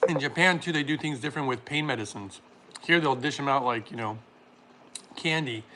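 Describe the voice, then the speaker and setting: A man reads chat comments aloud on a casual livestream while making a smoothie, laughing often. His mid-range voice moves fairly quickly over heavy background noise.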